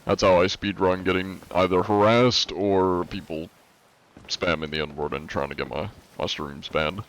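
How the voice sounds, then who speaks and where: A man's voice: low voice, steady tone, unhurried, a bit bright, slight background noise. A congested man chatting loosely on a live gaming stream, swearing freely as he talks. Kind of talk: casual gaming livestream chat.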